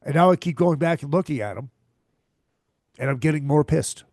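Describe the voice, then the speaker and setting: A man's voice: on the high side, moderate pace, pauses often, a little mellow, dry recording, studio quality. A man hosting a podcast, ranting in a crude, profane and exasperated way, repeating himself often. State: tired and hungover. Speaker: podcast host. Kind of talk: crude comedic rant.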